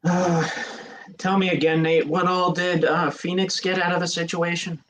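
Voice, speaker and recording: A man's voice: sits high, little pitch movement, moderate pace, a bit bright, poor audio. A man co-hosting a sports podcast, laid-back and reading off trade details in casual chat. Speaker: podcast co-host.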